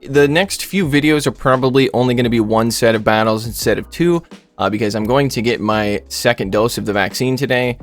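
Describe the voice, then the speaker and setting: A man's voice: mid-range voice, a little fast, soft background music. A man giving casual gameplay commentary as a YouTuber, rambling and joking with lots of filler words. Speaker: gaming YouTuber.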